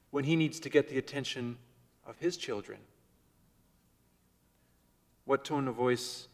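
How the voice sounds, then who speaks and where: Male pastor, mid pitch, sermon delivery; measured, soft-to-loud swings; church hall with long reverb. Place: church before a congregation.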